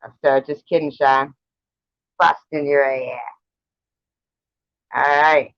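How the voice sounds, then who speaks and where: A man's voice: medium pitch, level tone, takes it slowly, a bit bright, dry recording. A man hosting a casual trivia livestream from home, keeping score and teasing the players in a chatty way. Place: at home with a cat. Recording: dull, dry lo-fi stream audio.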